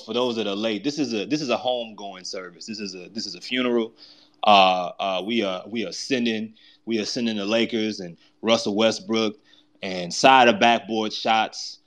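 A man's voice: lowish voice, normal speed, fairly bright tone. A man hosting a live online audio room, teasing listeners and calling on them by name. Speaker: host of a fan call-in audio space.

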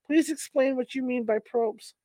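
A woman reading the part of a male doctor hypnotist, asking slow, calm, soothing questions. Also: high-pitched, no echo, lightly acted.

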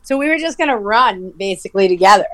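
A woman's voice: medium pitch, fast, dry recording. A woman in casual chat, telling a running story with lots of swearing and laughter. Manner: animated storyteller, swears freely, laughs often. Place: lives near Providence.

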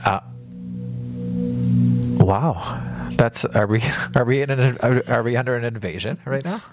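A man's voice: mid-range voice, a little slow, over loud music. A man co-hosting a podcast in casual chat, joking and rambling, often trailing off mid-thought. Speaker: podcast co-host. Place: studio.

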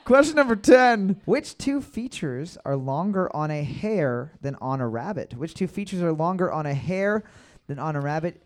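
A man runs a casual trivia night, reading out questions and riffing on them. His voice sits high and swings widely in pitch, playful and quick to joke. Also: big pitch swings. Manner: joking, playful, reads questions aloud with bits. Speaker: trivia quiz host. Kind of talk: casual comedic trivia hosting.

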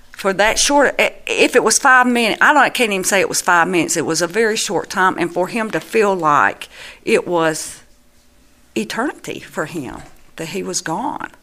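A middle-aged woman, a mother giving personal testimony in an earnest, halting way with many restarts. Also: medium pitch, lively intonation, pushed and bright.

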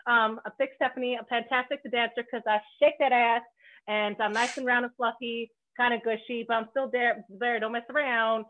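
Upbeat woman podcast host from Canada, fairly high voice, loose and joking, cheerfully profane, tinny narrow line. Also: steady tone, normal speed, a little hiss or hum. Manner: bubbly, joking, swears freely. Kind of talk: casual podcast chat. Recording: phone-like narrow band.

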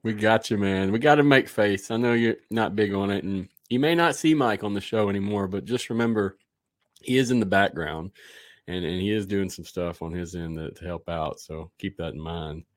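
Male podcast host, low voice, loose rambling delivery, dry mic. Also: normal speed, dry recording. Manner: rambling, loose, with fillers and restarts. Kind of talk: casual live podcast chat.

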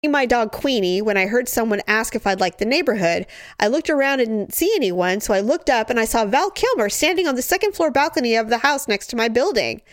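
A woman hosting a podcast in casual chat, talkative and animated, filling her talk with "you know" and "like" as she reads out listener stories. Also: fairly high pitch, fairly quick, dry recording, studio quality. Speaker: podcast host.

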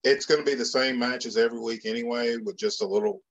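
A man's voice: mid-range voice, very animated, fast, creaky, muffled recording. A man co-hosting a casual podcast, making wry joking asides. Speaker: podcast co-host. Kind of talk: casual watch-along chat.

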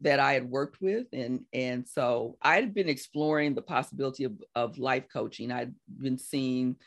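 A woman in her sixties, a life coach being interviewed, telling her story in a lively way and acting out what people said. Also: normal speed. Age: 60s. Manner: animated storyteller, acts out quotes with big laughing pitch jumps. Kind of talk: conversational interview.

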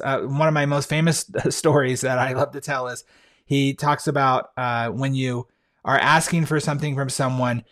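A man's voice: mid-range voice, fairly bright tone. A man hosting a podcast on his own, talking casually and with enthusiasm, full of fillers and restarts as he tells stories. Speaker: podcast host. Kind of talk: casual solo podcast talk.

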